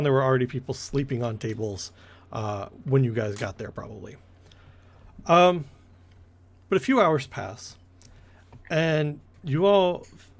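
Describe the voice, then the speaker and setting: A man running a tabletop game as game master, narrating loosely and correcting himself as he goes. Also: mid-range voice. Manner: rambling, corrects himself often.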